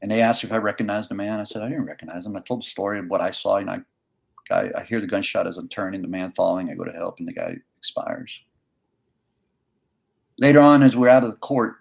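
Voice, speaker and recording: Gravelly, impassioned man telling his story. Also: fairly low pitch, quick pace. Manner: earnest, impassioned, rises to near-shouting. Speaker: congressional candidate. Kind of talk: emotional storytelling and campaign pitch.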